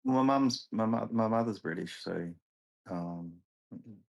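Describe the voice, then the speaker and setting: A laid-back Australian man with an Australian accent, chatting casually on a live stream. His voice sits very low and has a husky grain. He tells stories easily and chuckles often. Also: a little slow, rough recording. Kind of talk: casual chat.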